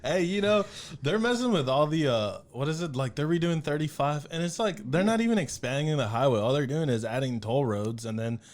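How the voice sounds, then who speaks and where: A man hosting a casual podcast, telling a story in an animated way and swearing often. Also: on the high side, fairly quick. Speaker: podcast host.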